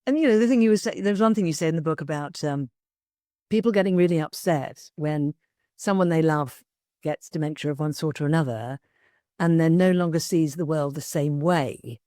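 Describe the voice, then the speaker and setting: A woman podcast host asking an interview guest gentle, searching questions. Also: sits low, moderate pace, dry recording, studio quality.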